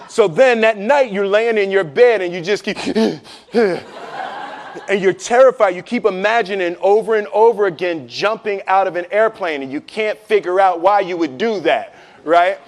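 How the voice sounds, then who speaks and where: Man, high voice, storyteller; animated, laughs a lot, acts out voices. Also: a little slow, slight background noise. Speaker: speaker. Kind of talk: storytelling talk.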